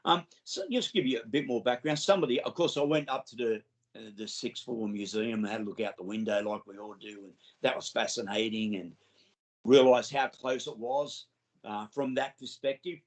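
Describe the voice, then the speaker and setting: A man's voice: medium pitch, moderate pace, rough recording. An Australian man, a guest on an interview show, telling enthusiastic, rambling stories with many restarts. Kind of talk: casual interview storytelling.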